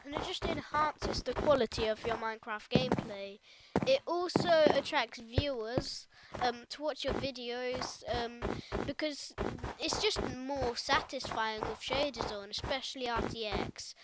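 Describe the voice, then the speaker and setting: A woman's voice: a little high, unhurried. A woman with a British accent chatting casually in a gaming vlog, rambling and correcting herself with lots of ums. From United Kingdom. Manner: rambling, hesitant, self-correcting with many ums. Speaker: YouTuber. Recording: loud background noise.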